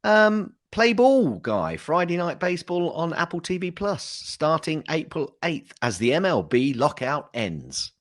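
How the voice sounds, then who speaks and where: A man's voice: fairly high pitch, big pitch swings, unhurried, hardly any pauses. A man co-hosting a podcast in casual chat, chatty and laughing often, with frequent stumbles and restarts. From United Kingdom. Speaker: co-host.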